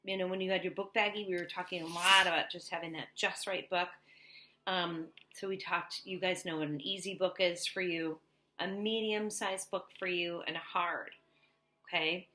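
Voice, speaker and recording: A young woman teaching an online reading lesson to young children, animated and sing-song. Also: fairly low pitch, moderate pace, a little hiss or hum. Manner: animated, sing-song, talking to little kids.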